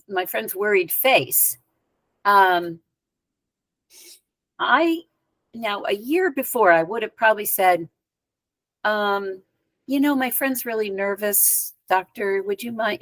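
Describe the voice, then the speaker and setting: A woman's voice: medium pitch, no echo. Woman telling a story, dry close sound. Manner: lively anecdotal telling with conversational asides. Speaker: spiritual teacher and guest. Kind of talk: storytelling in a podcast interview.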